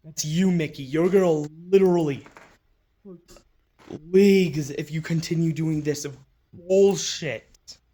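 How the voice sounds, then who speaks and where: A man's voice: a little high, measured pace, dark tone. A man ranting in an angry, profane, mocking commentary, talking into a phone.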